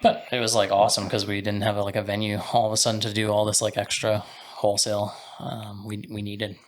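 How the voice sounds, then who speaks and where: A man's voice: lowish voice, completely flat delivery, fairly quick. A man from Canada, a butcher and business co-owner, talking loosely as a podcast guest, with many fillers. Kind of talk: casual podcast conversation.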